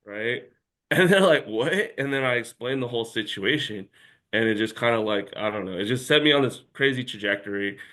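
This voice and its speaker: A man's voice: medium pitch, brisk, bright, forceful tone. A man telling a long story as an interview guest in a casual chat, rambling and packed with filler words.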